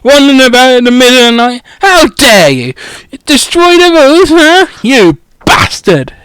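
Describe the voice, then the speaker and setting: A man's voice: extremely high pitch, very animated, moderate pace, fairly bright tone, smooth, dry recording, full character voice. A man voicing a furious, stern old woman teacher who shrieks and curses at a pupil. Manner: shrieking, cursing outbursts. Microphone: headset.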